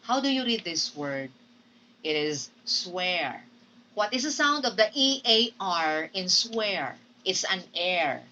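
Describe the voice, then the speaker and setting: A woman teaching English pronunciation in a recorded lesson. She speaks deliberately, models example words aloud and often checks in with "okay?". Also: medium pitch, expressive, bright, forceful tone, recorded from a distance, rough recording.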